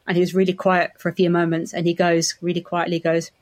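A woman's voice: on the low side, monotone, fast talker. A woman in her forties, an optometrist guest on a podcast, chatting and laughing as she tells stories. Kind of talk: podcast conversation.

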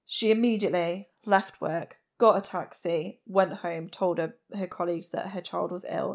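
A woman's voice: lowish voice, creaky. A woman hosting a true crime podcast, recounting a case in a plain-spoken, blunt way with frank asides. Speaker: podcast host.

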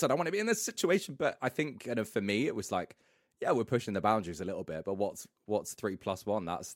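Young uk guy, radio presenter type, lowish voice, dry close mic, chatty and jokey. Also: no room sound. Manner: chatty, laughs often, self-mocking. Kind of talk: casual podcast chat.

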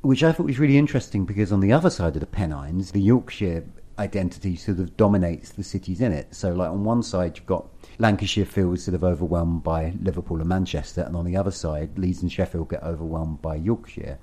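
A man, co-hosting a podcast in easygoing, animated conversation. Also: sits low, brisk, hardly any pauses. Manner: chatty, animated, self-deprecating. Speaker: podcast co-host. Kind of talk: casual conversational chat.

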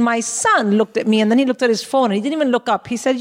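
A middle-aged woman co-hosting a live comedy show, telling a story in a wry, animated way and acting out the dialogue on stage. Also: a little high, fast talker. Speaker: comedian co-host. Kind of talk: stand-up storytelling.

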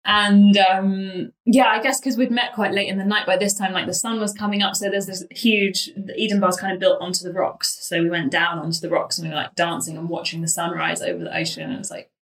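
A woman from London telling a story about herself in a casual way, lively, often laughing and acting out what she said back then. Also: mid-range voice, fairly quick, hardly any pauses, roomy sound, poor audio. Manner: animated, laughing, acts out her own past lines.

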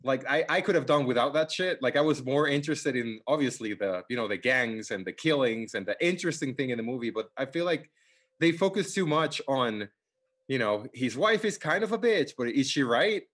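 A man co-hosting a casual film chat, talking haltingly with restarts and sighs, swearing now and then. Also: mid-range voice, expressive, fairly bright tone. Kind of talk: casual movie review chat.

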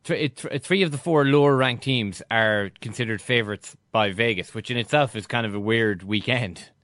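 Halting man co-hosting. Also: mid-range voice, fairly bright tone, no echo, clean studio sound. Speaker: podcast co-host. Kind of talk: casual podcast chat.

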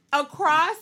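A young woman co-hosting a podcast, telling stories bluntly in a casual, animated chat. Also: a little high. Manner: blunt, animated storytelling with profanity. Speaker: podcast co-host.

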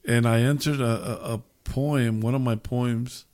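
A man's voice: medium pitch, fairly even intonation, measured pace, darkish tone. An older man, telling rambling stories in a casual chat with his son, often restarting his sentences. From Texas. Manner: rambling storyteller with frequent restarts.

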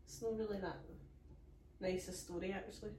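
A woman's voice: medium pitch, a little fast. A Scottish woman tells a story on a comedy podcast, acting out everyone's lines as she goes. She is recorded on a phone set away from her, so her voice sounds echoey and distant. A faint hiss of room noise sits underneath. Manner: acts out quoted voices, animated. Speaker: podcast co-host.

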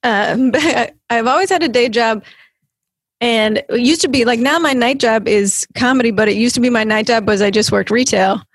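A woman's voice: a little high, moderate pace, no room sound. Wry, laughing woman comedian. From Canada. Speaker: podcast guest, comedian. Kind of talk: casual chat.

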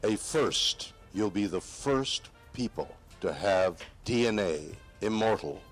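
Brief: man with a lower voice, promotional sales delivery, faint music bed. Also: expressive, slow. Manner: promotional, pitching a product.

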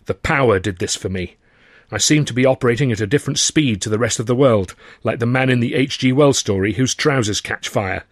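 Man reading his own novel, dry wry delivery, mid pitch, dead studio sound. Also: fairly quick, no room sound. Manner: dry, wry storytelling with acted dialogue. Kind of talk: audiobook narration.

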